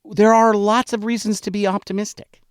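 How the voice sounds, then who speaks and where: A man's voice: high-pitched, little pitch movement, brisk, clean tone, no room sound, studio quality. A middle-aged man co-hosting a casual sports podcast, wry and playfully skeptical. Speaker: podcast co-host.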